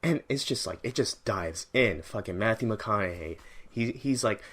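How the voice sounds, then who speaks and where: A man giving a casual first-reaction movie review, rambling, excitable and heavily profane, often restarting his sentences. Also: lowish voice, moderate pace, slightly rough.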